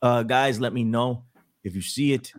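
Rambling podcast host, wry and loose. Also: male voice, mid-range voice, moderate pace. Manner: rambling, restarts, wry asides. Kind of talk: casual political podcast chat.

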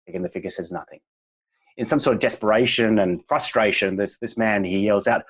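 A man speaks as a guest on a chiropractic podcast. His voice is low and a little husky, and he talks in a relaxed, reflective way. He slips easily into storytelling and calm reassurance. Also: a little fast, low-quality recording. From Australia.

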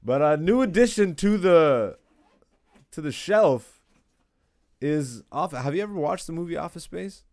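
A man in his thirties hosting a podcast, talking in a loose, joking way with plenty of swearing. His voice sits a little high and swings widely between low mutters and excited bursts. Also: measured pace, pauses often, no room sound. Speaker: podcast host. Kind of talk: casual chat.

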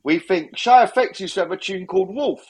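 A man's voice: sits high, fairly quick, husky. A middle-aged man, telling sarcastic, jokey anecdotes in a casual interview. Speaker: guest DJ.

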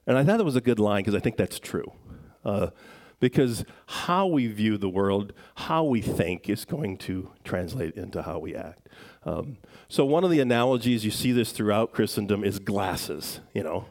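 A middle-aged man preaching a sermon in a relaxed, conversational way, with self-deprecating jokes and frequent fillers. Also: fairly low pitch, normal speed. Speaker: pastor.

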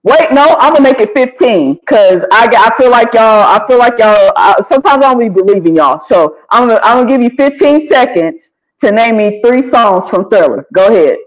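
A man's voice: very high voice, expressive, a little fast, few pauses, low-quality recording. A man hosting a podcast, running a music quiz game in casual, playful, slangy chat with lots of restarts. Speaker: podcast host.

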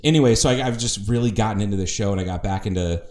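A man's voice: lowish voice, rapid-fire, a little mellow. A man from the northern United States co-hosting a podcast in casual chat, rambling through tangents and swearing freely. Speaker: podcast co-host. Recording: roomy echo.

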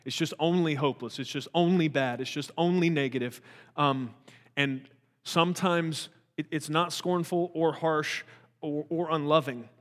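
An earnest man leads a relaxed Bible teaching in a voice pitched a touch high. He talks in loose, restarting sentences and fires off rhetorical questions. A long reverb trails behind each phrase. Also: normal speed.

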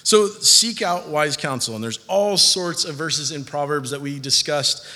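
A man's voice: fairly high pitch, unhurried, sharp tone. A man preaching a sermon in a casual, conversational way, acting out listeners' voices. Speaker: pastor. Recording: hall reverb.

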